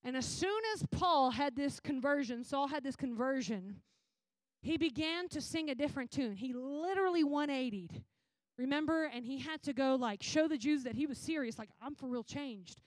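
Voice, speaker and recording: A woman preacher giving a sermon and telling the stories in an animated, casual way with slang. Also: sits high, moderate pace, dry recording.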